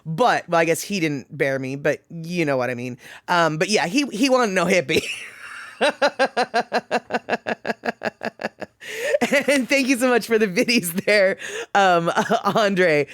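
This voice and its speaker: A middle-aged streamer talks loosely to their chat, wandering through stories with frequent laughs and restarts. The voice sits at an ordinary middle pitch and is captured close and dry, with no room sound around it. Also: slow, long pauses, a bit bright, dry recording. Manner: rambling and chatty, laughs often. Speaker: livestream host reading chat. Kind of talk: casual chat.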